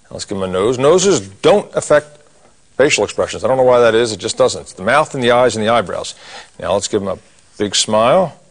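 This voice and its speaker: This middle-aged man, an instructor teaching cartoon drawing, has a lowish voice with lively intonation and speaks a touch fast. As he draws he chats through the process in a folksy way, punctuated by corny jokes.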